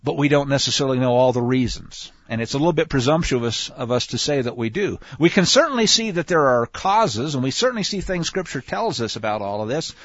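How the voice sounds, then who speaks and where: A man teaching scripture in a conversational way, animated and speaking straight to his listeners. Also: mid-range voice, fairly quick, hardly any pauses, no echo. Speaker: Bible teacher. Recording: dull lo-fi, dry sound.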